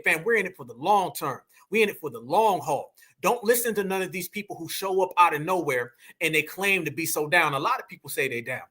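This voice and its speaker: A man's voice: sits high, pushed and bright, slightly rough. Blunt preachy American man. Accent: African American English. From United States. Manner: blunt, preachy, addresses viewers as family. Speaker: commentary channel host. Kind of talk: reaction commentary.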